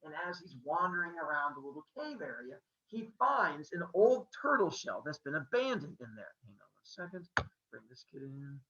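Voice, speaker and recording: A man's voice: on the high side, big pitch swings, moderate pace, bright, forceful tone, roomy sound, distant mic, lo-fi sound. A man hosting a podcast, retelling a myth in a casual, jokey way with playful sound effects. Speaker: podcast host. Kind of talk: comedic mythology storytelling.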